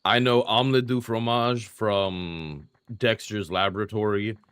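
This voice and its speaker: A man's voice: fairly low pitch, fairly even intonation, unhurried, fairly bright tone, smooth, dry recording, studio quality. A young man streaming a retro game, chatting casually and self-deprecatingly with his viewers while he plays. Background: faint game music.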